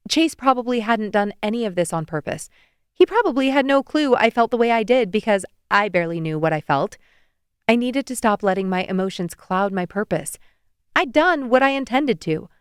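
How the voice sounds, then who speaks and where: A woman's voice: mid-range voice, clear, resonant tone, no room sound. A young woman narrating a romance audiobook in the first person, wry and intimate, on a close studio mic.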